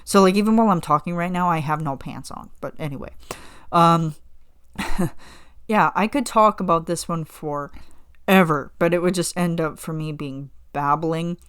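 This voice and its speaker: A woman with a smooth, clear voice that sits a little low talks casually as a podcast host. She tells her story with lots of animation and acts out her own past reactions along the way. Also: unhurried. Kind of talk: casual chat.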